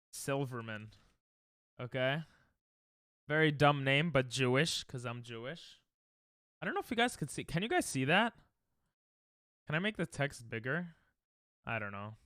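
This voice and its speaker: A man's voice: mid-range voice, a bit bright, smooth, dry recording, studio quality. A man rambling and joking in casual livestream chat, often cutting himself off mid-sentence. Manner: rambling, self-interrupting, joking. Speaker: streamer.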